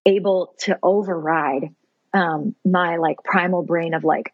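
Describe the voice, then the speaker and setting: A woman's voice: on the low side, fairly even intonation, measured pace, husky, dry recording, dull audio. A woman in her thirties, a podcast guest, telling a personal story in an earnest, heartfelt, self-reflective way.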